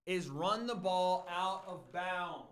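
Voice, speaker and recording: Angry streamer guy, high and sharp-edged voice, swearing constantly, snapping at chat. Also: takes it slowly. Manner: profane, heated, snapping at chat. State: angry and frustrated. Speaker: streamer reacting to a football game and live chat. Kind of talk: heated livestream rant to chat.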